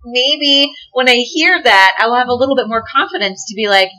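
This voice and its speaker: Woman guest, animated storyteller, bright ringing voice, laughs a lot. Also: fairly high pitch, fairly quick, poor audio. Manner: animated, laughs often, swears casually. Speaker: podcast guest, delivery nurse. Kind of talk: casual chat, storytelling.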